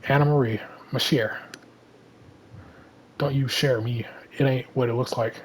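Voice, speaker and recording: A man reading as a smooth-talking thief. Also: medium pitch, fairly even intonation, a little slow, a little hiss or hum, natural voice, poor audio. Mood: pleading. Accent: Southern American. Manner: reads lines plainly in his own voice. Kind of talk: casual comic read-through.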